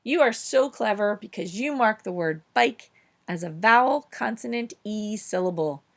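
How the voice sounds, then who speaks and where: Encouraging woman teaching children phonics. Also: mid-range voice. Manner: upbeat, encouraging, slow clear emphasis on words.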